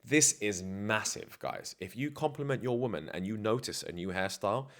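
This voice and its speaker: A man with a lowish voice gives dating advice in a casual vlog. He talks bluntly, with slang and easy self-assurance. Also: moderate pace, hardly any pauses, fairly bright tone. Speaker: dating coach.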